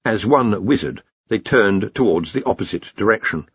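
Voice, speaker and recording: Husky male audiobook narrator, lively intonation, dry and slightly muffled recording. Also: fairly low pitch, moderate pace, no room sound. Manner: expressive storytelling. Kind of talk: scripted narration.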